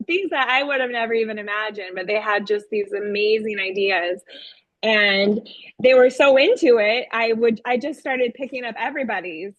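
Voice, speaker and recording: A woman kindergarten teacher telling a classroom story in casual conversation, animated and playful, laughing as she talks. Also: fairly high pitch, no room sound, lo-fi sound.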